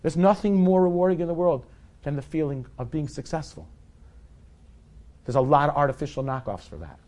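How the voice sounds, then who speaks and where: A man's voice: a little high, a little fast, a little mellow. A man in his forties telling a personal story to a live audience in a candid, conversational, self-deprecating way. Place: event hall with a live audience.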